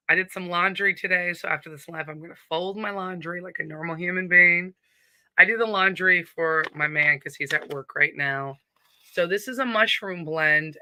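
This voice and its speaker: A woman's voice: on the low side, bright, forceful tone, no echo. A woman with a Southern accent hosting a casual live stream from home, chatty and upbeat as she greets viewers and reads their comments.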